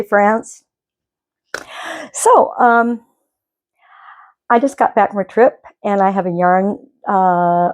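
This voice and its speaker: A woman's voice: medium pitch, darkish tone. A middle-aged woman from Michigan, rambling in casual chat as the host of a knitting podcast at home. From Michigan, USA. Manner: chatty, rambling, self-correcting.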